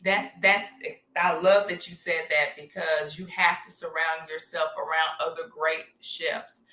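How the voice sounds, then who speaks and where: A woman's voice: sits low, little pitch movement, unhurried, bright, forceful tone, roomy sound. A woman from Texas, hosting an interview in an enthusiastic, emphatic way. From South Dallas, Texas, US. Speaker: host. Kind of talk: interview chat.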